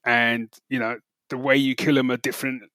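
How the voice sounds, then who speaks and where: A man's voice: mid-range voice, brisk, dry recording. A man co-hosting a casual podcast chat, telling stories with animation and humming theme tunes as he goes. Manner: animated storyteller who hums theme tunes. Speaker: podcast co-host.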